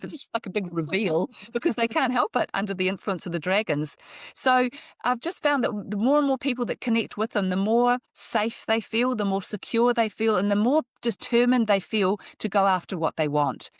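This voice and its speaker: A woman's voice: mid-range voice, no echo, clean studio sound. Earnest, chatty middle-aged woman astrologer. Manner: earnest, chatty, laughs between thoughts. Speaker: astrologer and workshop leader. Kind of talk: relaxed interview talk. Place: New Zealand.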